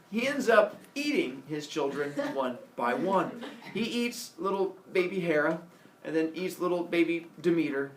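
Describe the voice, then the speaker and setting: A male teacher telling a comic myth to his class in a playful, animated way, asking questions as he goes, recorded in a classroom. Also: on the high side, moderate pace, a crowd in the background. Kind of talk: comic storytelling lesson. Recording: echoey classroom from far off, faint noise.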